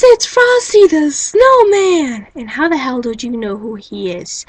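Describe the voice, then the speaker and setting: A woman's voice: on the high side, fairly bright tone, dry recording, poor audio. Wry incredulous woman on a webcam. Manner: wry, incredulous, full of rhetorical questions. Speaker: vlogger. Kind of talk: rambling webcam monologue. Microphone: built-in webcam mic.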